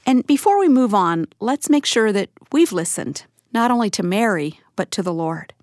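A woman's voice: mid-range voice, big pitch swings, moderate pace, no echo, studio quality. A woman hosting a program, giving a reflective scripted segue. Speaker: radio program host. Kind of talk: scripted program host talk. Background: soft music.

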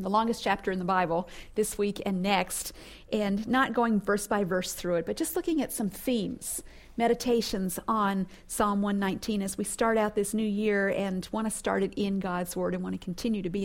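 A woman's voice: medium pitch, fairly even intonation, moderate pace. A woman hosting a radio Bible teaching, speaking earnestly and reflectively and rising to emphatic bursts when she quotes scripture.

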